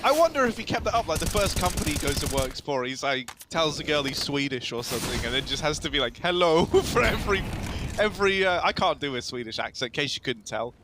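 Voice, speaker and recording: A man's voice: mid-range voice, lively intonation, fast talker, few pauses, noisy background. A man co-casting a game, joking between play-by-play calls. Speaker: esports caster. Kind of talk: play-by-play commentary.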